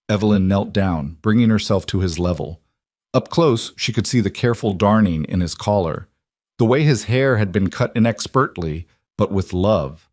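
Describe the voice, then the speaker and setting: A man giving scripted narration of a story in a measured, even way. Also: on the low side, no room sound, studio quality.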